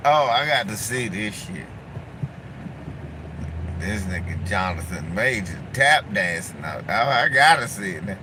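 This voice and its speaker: Slow-drawling man ranting from a car. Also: lowish voice, lively intonation, noisy background. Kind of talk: casual reaction commentary.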